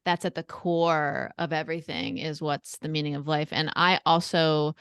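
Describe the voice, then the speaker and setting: A woman's voice: low voice, normal speed, a bit bright, clean tone, no room sound, clean studio sound. A woman co-hosting a podcast, talking about a book in a thoughtful, earnest way. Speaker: podcast co-host. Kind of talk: casual book discussion.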